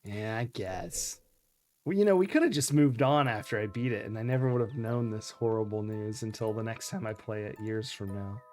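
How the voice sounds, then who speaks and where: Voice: mid-range voice, normal speed, a little mellow, faint music behind. A streamer giving live commentary on a game, ranting in annoyance and laughing at the puzzles. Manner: exasperated, laughing rants.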